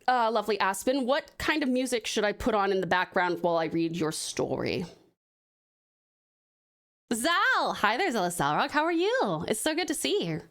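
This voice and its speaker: American woman streamer, bubbly chatter, slightly high, animated delivery. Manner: bubbly and chatty, often laughing. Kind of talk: live-stream story reading and chat.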